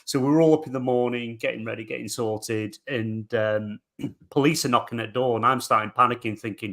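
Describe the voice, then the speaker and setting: Male panelist, middle voice, animated yarn-spinner who acts out every quote. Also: medium pitch, a little fast, vocal fry. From England. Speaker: podcast panelist. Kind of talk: casual chat.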